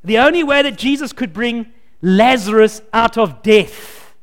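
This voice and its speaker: A man preaching a sermon, his voice sitting high for a man. He drives points home with loud bursts of emphasis, then drops to low, hushed asides. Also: animated, unhurried, in a large hall.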